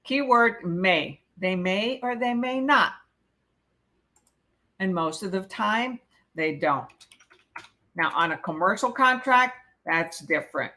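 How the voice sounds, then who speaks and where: A woman's voice: mid-range voice, expressive, takes it slowly, pauses often, sharp tone. A woman teaching a live real estate exam prep class, reading questions aloud and explaining the answers, often checking in with "okay?".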